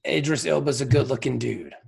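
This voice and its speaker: A man's voice: medium pitch, brisk, vocal fry, slightly rough. A man in a casual group chat, joking around and trailing off with ums.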